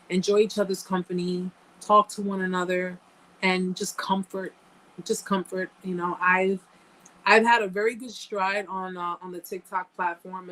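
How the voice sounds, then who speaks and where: A woman runs a live chat, speaking emphatically and informally, repeating lines for effect and naming viewers as she thanks them. Her voice is lowish and a bit bright. The audio is poor, with a little hiss or hum.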